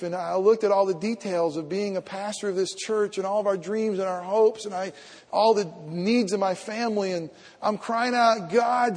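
A man with a notably high voice preaches a sermon in a large church, his words trailing off in a long reverb. He swings from hushed, confiding asides to loud, fervent shouts, repeating his key phrases and restarting mid-sentence. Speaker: pastor.

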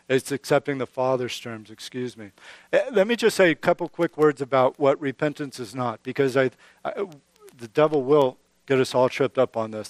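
A man's voice: medium pitch, no room sound. A middle-aged man preaching a sermon as pastor, earnest and conversational, often restarting and building emphasis.

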